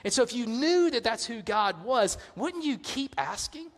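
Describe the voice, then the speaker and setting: A man preaching a sermon as a pastor, conversational and animated in his storytelling. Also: very high voice, moderate pace, in a large hall.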